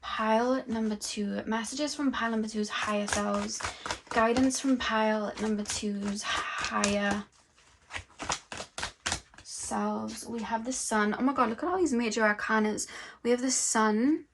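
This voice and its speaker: Slow, dreamy young woman reading tarot. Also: fairly high pitch, fairly even intonation, gravelly, a little hiss or hum. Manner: slow, dreamy, musing channeling talk. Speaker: tarot reader.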